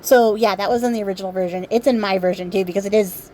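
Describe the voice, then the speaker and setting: A woman vlogger casually retelling a fairy tale, sarcastic and irreverent, swearing freely and filling pauses with ums. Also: medium pitch, steady tone, darkish tone, a little hiss or hum. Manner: chatty, many ums and likes. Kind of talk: casual storytelling while crafting.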